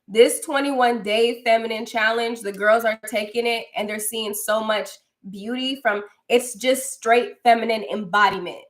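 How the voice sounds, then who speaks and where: A young woman hosting a casual livestream, chatting effusively with viewers and calling them girl. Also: medium pitch. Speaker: livestream host and spiritual coach. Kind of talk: casual livestream chat reading comments.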